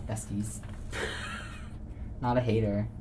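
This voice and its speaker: A young woman co-hosting a podcast, blunt and wry, swearing casually in relaxed chat. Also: a bass voice, extremely slow, very noisy. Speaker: podcast co-host.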